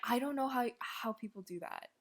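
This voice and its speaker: A woman's voice: on the high side, animated, normal speed, vocal fry. A young woman co-hosting a podcast in casual chat. She talks loosely and chattily, with plenty of "like" fillers and a squeamish edge. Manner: chatty, squeamish, says "like" a lot. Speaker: podcast co-host.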